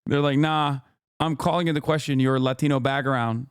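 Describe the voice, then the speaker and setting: A man's voice: mid-range voice, steady tone, normal speed, smooth, no room sound, clean studio sound. A man in his thirties hosting a livestream, giving casual commentary and reading posts aloud in an exasperated, profane way. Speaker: streamer host.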